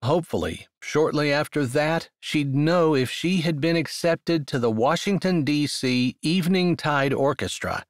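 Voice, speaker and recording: A man narrating a romance novel in an expressive, unhurried storytelling manner, close on the mic. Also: fairly high pitch, dry recording. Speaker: audiobook narrator. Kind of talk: scripted narration.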